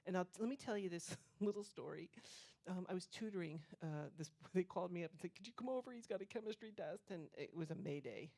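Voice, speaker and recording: A woman's voice: on the low side, vocal fry, darkish tone. A woman leading a cooking demonstration as a nutrition educator, telling stories in a chatty way and checking in with "okay?". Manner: chatty storyteller, keeps asking "okay?". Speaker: plant-based nutrition educator.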